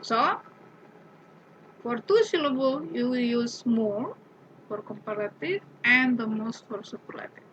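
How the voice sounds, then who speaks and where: Woman grammar teacher, unhurried and questioning, somewhat muffled recording. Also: fairly high pitch, lively intonation, a bit bright, slight background noise. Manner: patient, repeats example words with rising emphasis; asks the class questions. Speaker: English teacher. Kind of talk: grammar lesson.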